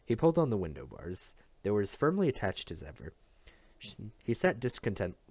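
A man's voice: low-pitched, darkish tone, dry recording. A man reading a novel aloud in a plain manner, sometimes stumbling and correcting himself. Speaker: audiobook reader. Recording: dull dry lo-fi home recording.

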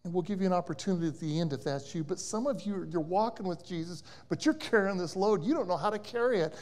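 A man with a notably high speaking voice delivers a church sermon as a guest preacher. He tells the story in lively swings, now loud and pressing, now dropping to a hushed aside. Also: quick pace. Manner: animated storyteller, swings between loud emphasis and quiet asides. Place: church service.

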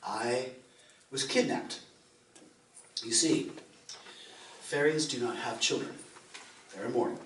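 A man's voice: mid-range voice, takes it slowly, pauses often, a bit bright, a little hiss or hum. A man, a folk minstrel, telling a fairy tale to a live audience in a playful, theatrical way with joking asides. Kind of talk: live storytelling between songs. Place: indoor live concert venue with an audience. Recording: roomy live recording from far off.

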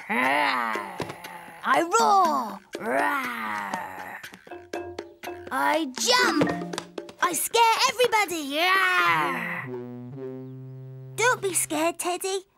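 A woman voicing a cheerful, curious little boy donkey in a cartoon, speaking slowly and gently. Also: extremely high pitch, vocal fry, heavily acted. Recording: children's music playing behind.

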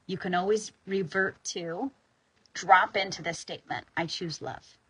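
Woman leading a tapping exercise, kinda breathy, bright tone, lots of sighs, casual and gentle. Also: medium pitch, moderate pace, low-quality recording. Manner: soothing, sighing, informal with bursts of emphasis. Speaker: EFT tapping guide. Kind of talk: guided tapping session.

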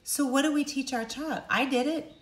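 A middle-aged woman coaching viewers directly, emphatic and animated, acting out quotes in sudden high voices. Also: moderate pace, echoey room. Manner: animated, emphatic, acts out quotes with big pitch jumps. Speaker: speaker and coach. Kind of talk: direct-to-camera talk.

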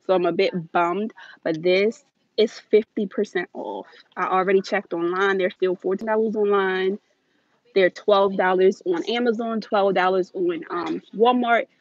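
A woman hosting a live shopping stream inside a large store, filming on a handheld phone and talking fast and chatty to her viewers while a little out of breath. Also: mid-range voice, fairly even intonation, dry recording. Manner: chatty, hurried, addresses viewers directly. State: slightly out of breath. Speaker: deal-hunting vlog host. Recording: dull phone audio.

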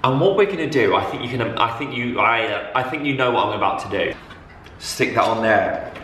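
A young man vlogging a DIY project, loud, excitable and over the top. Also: mid-range voice, fairly quick, roomy sound, a little hiss or hum. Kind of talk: chatty DIY vlog.

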